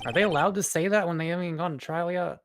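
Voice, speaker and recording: A woman chatting casually during a game play-through, asking quick questions and laughing. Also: fairly low pitch, music in the background. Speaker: streamer.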